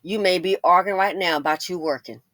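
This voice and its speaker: Fairly quick and on the low side, a middle-aged woman's voice comes through a dry recording as she runs her commentary channel monologue. She tells stories casually, laughs, speaks straight to the ladies, and bursts into loud exclamations.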